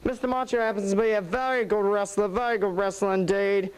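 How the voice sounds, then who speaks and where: A man's voice: high voice, steady tone, a little fast, clean tone, lightly acted, rough recording. A man playing a brash wrestling manager with a put-on Australian accent, taunting and boastful in a TV promo. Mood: dismissive.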